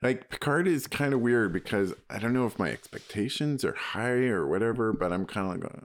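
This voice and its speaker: Low-voiced man in casual podcast chat. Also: lively intonation, brisk, few pauses. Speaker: podcast co-host.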